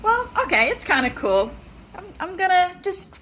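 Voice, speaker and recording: A woman vlogging casually at home with a handheld camera, chatty and quick to laugh. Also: very high-pitched, big pitch swings, fairly bright tone, a little hiss or hum. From Southern United States. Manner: chatty, laughs often, coos at pets. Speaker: vlogger, mom. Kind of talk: casual vlog chat. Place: home and snowy backyard.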